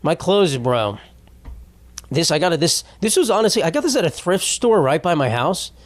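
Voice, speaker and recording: A young podcast host speaks at normal speed in a fairly high, sing-song voice on a dry recording. His comedic monologue wanders, swears freely, and keeps stopping partway through ideas.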